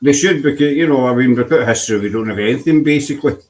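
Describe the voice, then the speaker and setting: A Scottish man hosting a relaxed chat show at an ordinary mid pitch. He talks in a chatty, self-deprecating way, with plenty of ums and restarts. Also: rapid-fire, poor audio. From Scotland. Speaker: host. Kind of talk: casual chat.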